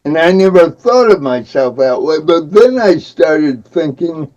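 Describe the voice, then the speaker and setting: Older Midwestern man, cerebral palsy speech, slow and wry, mellow tone, dull lo-fi sound, podcast guest. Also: on the high side, lively intonation. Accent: Midwestern American. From American Midwest. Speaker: guest, disability advocate. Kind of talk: podcast interview.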